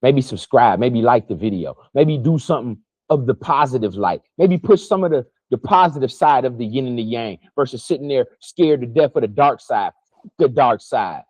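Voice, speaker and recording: A man delivering a heated, profane spiritual monologue to his viewers, preachy and emotional while fasting, his pitch swinging widely. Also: lively intonation, darkish tone, slightly rough, dry recording, low-quality recording. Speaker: spiritual vlogger.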